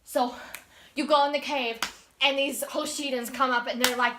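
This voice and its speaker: A woman with a high voice rambles through a casual recap of a game's story, acting out each character's lines and restarting often. A steady hiss of background noise sits clearly under her voice. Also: a little slow. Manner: rambling, acts out quoted lines, frequent restarts. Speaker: gaming channel host.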